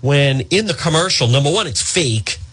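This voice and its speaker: A man's voice: expressive, normal speed, fairly bright tone, breathy edge. A man hosting a talk radio show, delivering an opinionated monologue in a sarcastic, mocking way. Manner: sarcastic, mocks voices in a high put-on tone.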